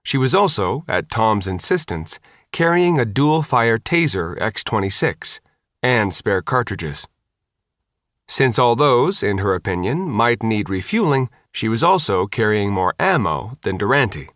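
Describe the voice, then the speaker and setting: A man reads an audiobook with a lively, expressive rise and fall, shifting his voice for each character. The sound is close and dry, with no room echo, so each line comes through plainly. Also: on the low side, a little slow. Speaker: audiobook narrator. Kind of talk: audiobook narration.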